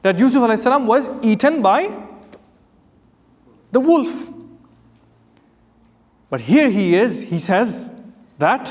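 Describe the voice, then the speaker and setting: A man's voice: high-pitched, sing-song, measured pace, pauses often. A man, an imam, giving an earnest Quran commentary lecture, asking rhetorical questions and reciting Arabic verses. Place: mosque hall. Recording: long hall reverb.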